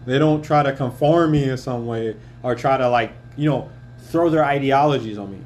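A podcast host with a fairly high voice rants bluntly through a casual monologue, swearing heavily and telling stories with lots of energy and animation. A slight hiss or hum can be heard.

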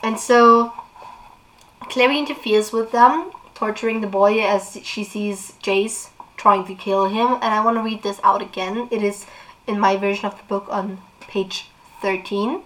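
A woman's voice: medium pitch, fairly even intonation, a little slow, fairly bright tone, rough recording. Chatty woman vlogger discussing a book. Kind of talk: casual book discussion and reading aloud.

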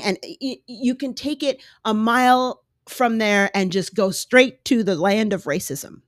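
A woman's voice: on the high side, unhurried, few pauses, no echo, studio quality. A middle-aged woman hosting her own podcast, talking candidly into a microphone and acting out the voices she quotes. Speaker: podcast host. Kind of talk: solo podcast commentary.

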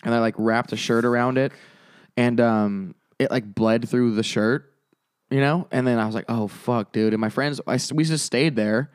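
A man's voice: mid-range voice, steady tone, moderate pace, clean tone, dry recording, clean studio sound. A man telling a long story in casual chat, rambling with lots of filler words and swearing.

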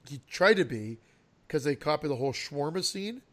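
A man co-hosting a podcast, joking in animated casual chat. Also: fairly high pitch, brisk. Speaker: podcast co-host.

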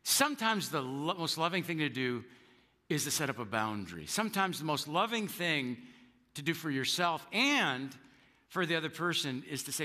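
A man preaches a sermon with a bright, forceful voice that sits a little high. He is earnest, repeats words as he starts sentences, and jumps in pitch when he acts out quoted spouses. The sound carries a long reverb from a large hall. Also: animated, normal speed. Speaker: pastor.

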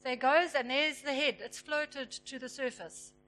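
A woman preaching a sermon, retelling a story and acting out its characters with lively emphasis. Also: sits high, moderate pace. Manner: animated, acts out the characters with emphasis.

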